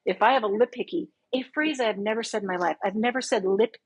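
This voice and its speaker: Husky woman in her fifties telling a story. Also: mid-range voice, fast talker, poor audio. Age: 50s. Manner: animated, acts out her own past lines. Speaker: podcast guest. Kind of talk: casual storytelling.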